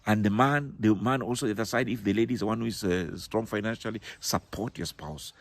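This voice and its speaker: A man's voice: on the low side, quick pace, no echo. A middle-aged man giving motivational marriage advice, emphatic and repeating his key words. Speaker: business and personal growth speaker.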